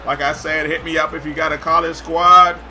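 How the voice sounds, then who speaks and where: A young man commentates his basketball video game with a hyped, slangy delivery, calling his viewers folks. His voice is sharp and very forceful, sitting a bit high, with faint music underneath. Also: level tone, brisk. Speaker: gaming YouTuber. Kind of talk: gameplay commentary.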